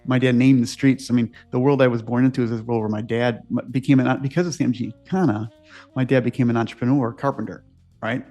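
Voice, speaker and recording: A man's voice: mid-range voice, fairly even intonation, fast talker, mellow, faint music behind. A man in his sixties, an inventor telling his story in a loose, digressive interview chat full of "like" and "right?" asides. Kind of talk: rambling conversational storytelling.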